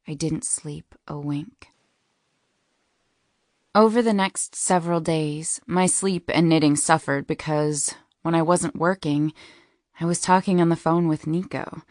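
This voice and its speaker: A woman's voice: deep voice, a little slow, darkish tone, dry recording, studio quality. A woman narrating a first-person romance audiobook in a wry, intimate storytelling manner.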